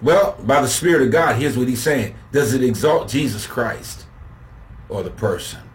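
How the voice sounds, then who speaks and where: A man preaching a sermon, slow and emphatic, building to shouted refrains as he contrasts points. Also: mid-range voice, lively intonation, a little hiss or hum.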